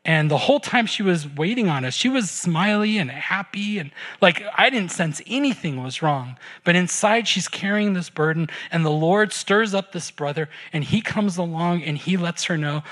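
A man's voice: on the high side, lively intonation, measured pace, hardly any pauses, a bit bright. A man preaching a sermon and leading a closing prayer in a church, earnest and conversational, often repeating words as he starts a phrase. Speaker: pastor.

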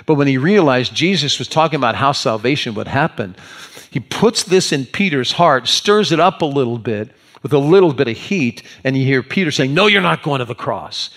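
Man, pastor, animated sermon, storytelling delivery. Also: medium pitch, moderate pace. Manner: animated storytelling, acting out the scenes.

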